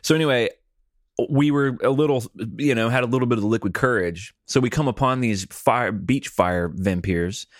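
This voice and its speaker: A man's voice: medium pitch, moderate pace, no room sound, studio quality. A man hosting a casual comedy podcast and telling rambling stories in a laid-back way. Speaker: podcast host.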